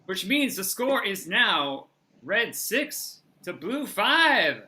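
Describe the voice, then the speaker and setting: An energetic improv comedy referee hosting a game with playful, quick game-show patter. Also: mid-range voice, background noise.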